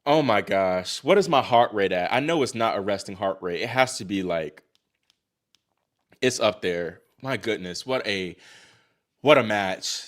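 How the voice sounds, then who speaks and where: A young man from Virginia hosting a casual live stream, chatting excitedly with viewers, sighing and exclaiming as he reacts. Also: lowish voice, measured pace. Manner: excitable, talks to chat, sighs and exclaims. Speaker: livestream host reacting to tennis.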